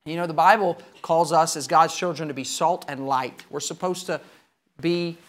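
Storytelling male preacher, somewhat high voice. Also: steady tone, moderate pace. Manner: storytelling, emphatic with swings in loudness. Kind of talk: sermon.

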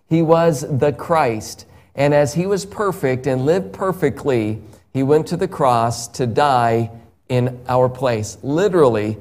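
Male evangelist, one-on-one gospel talk; slow, emphatic delivery with frequent chuckles. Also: mid-range voice, darkish tone.

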